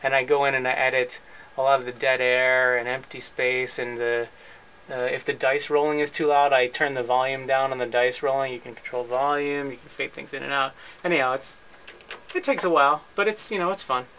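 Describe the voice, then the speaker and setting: A man hosting his podcast, casually walking through his recording and editing setup in a relaxed, rambling way with frequent restarts. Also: mid-range voice, brisk, slight background noise, low-quality recording. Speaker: podcast host and editor. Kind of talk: casual gear walkthrough.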